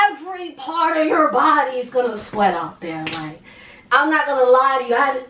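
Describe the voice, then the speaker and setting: High-voiced young woman telling a story. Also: echoey room, far from the mic. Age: young adult. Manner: animated, slangy, laughs while telling. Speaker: vlogger. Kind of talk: casual storytime.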